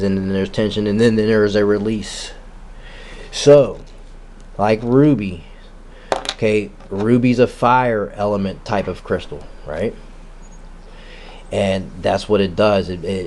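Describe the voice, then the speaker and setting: A man's voice: sits low, darkish tone, slight background noise. A man giving a rambling metaphysical monologue, full of rhetorical questions and casual street slang. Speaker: spiritual vlogger.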